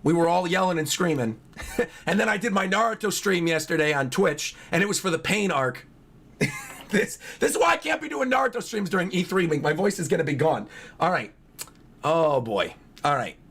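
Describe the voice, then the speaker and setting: A hoarse man with a fairly high, husky voice reacts live to a new manga chapter for his stream. His pitch swings all over as he gets excited, reading along and thinking aloud to his viewers in an animated, chatty way. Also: normal speed. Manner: excitable, chatty, reads along and talks to chat. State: hoarse from yelling the night before.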